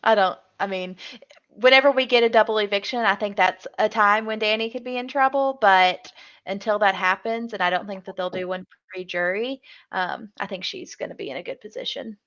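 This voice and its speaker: A woman's voice: mid-range voice, a little fast, fairly bright tone, highs cut off. A woman co-hosting a casual live show, giving easygoing opinions. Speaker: co-host.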